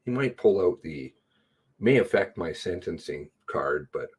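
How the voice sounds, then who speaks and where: A man's voice: low-pitched, animated, a little slow, darkish tone, husky. A man reading news reports aloud and breaking in with sarcastic comments. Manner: sarcastic asides.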